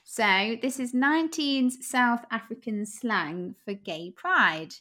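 A woman co-hosts a podcast in relaxed, chatty talk. She sounds a bit tired and scattered. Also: on the high side, takes it slowly. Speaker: podcast co-host. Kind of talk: casual chat.

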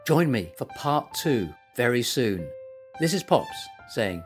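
A man reading a children's story aloud as its storyteller, gentle and expressive. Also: mid-range voice, slow, faint music behind.

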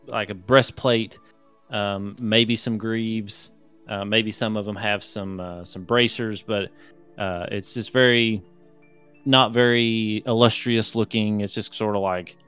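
A man's voice: lowish voice, fairly even intonation, slow pace, a bit bright, clean tone, faint music behind. A man narrating as game master in a tabletop game, rambling with lots of fillers.

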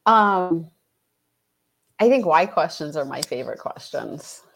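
A woman's voice: sits low, animated, creaky, a bit bright, a little hiss or hum. A woman coach being interviewed, speaking reflectively, restarting her sentences and acting out conversations with clients. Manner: reflective, halting with restarts, acts out client dialogue. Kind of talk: casual interview chat.

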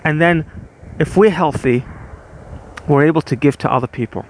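A man's voice: normal speed, a little hiss or hum, poor audio. A man hosting a solo podcast, reflecting earnestly on his own parenting, with many repeated words and restarts. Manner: animated, rising in pitch when making a point. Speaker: podcast host.

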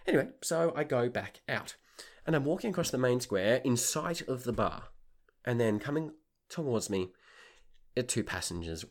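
A man, a tour leader and podcast host, telling a comic anecdote in a wry, exasperated and animated way. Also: mid-range voice, normal speed.

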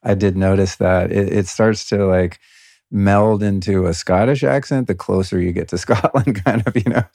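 A laid-back American man in his middle years hosts a podcast interview in easy, chatty talk. His voice sits very low, with a gravelly fry and a mellow, dark tone. The sound is close and dry. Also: moderate pace, no room sound. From United States. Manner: relaxed, laid-back, chatty with frequent laughs. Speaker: podcast host. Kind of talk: casual interview chat.

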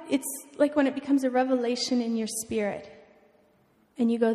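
A young woman giving an emotional, earnest personal testimony at a mission event, often halting and restarting. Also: high-pitched, fairly even intonation, darkish tone. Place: church event hall. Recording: long hall reverb.

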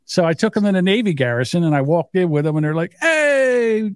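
A man in his fifties, a podcast co-host with a high-pitched, very animated voice, talks fairly quickly. In casual chat he tells family stories profanely and acts out the quotes himself. The sound is clean studio quality with no echo.

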